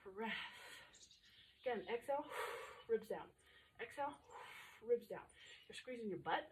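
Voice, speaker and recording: A woman's voice: on the high side, expressive, normal speed, husky. A woman in her thirties coaching a home workout while exercising along, chatty and upbeat, out of breath, cueing moves between breaths. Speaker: fitness instructor.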